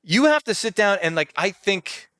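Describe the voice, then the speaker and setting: A man co-hosting a podcast from New Jersey, chatting casually about state politics in a rambling, animated way and acting out quotes. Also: sits high, moderate pace, no room sound, clean studio sound. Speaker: podcast co-host.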